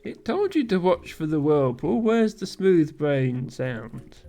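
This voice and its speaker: A man streams a game live, talking his way through it with lots of ums and small chuckles. His voice sits a bit high, with quiet game music running behind him. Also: big pitch swings, takes it slowly, hardly any pauses. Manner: thinking aloud, frequent ums and chuckles.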